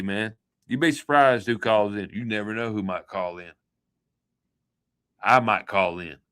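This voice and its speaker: A man's voice: medium pitch, sharp tone, clear, resonant tone. A man hosting a livestream, rambling through a joking, folksy sign-off chat. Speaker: livestream host.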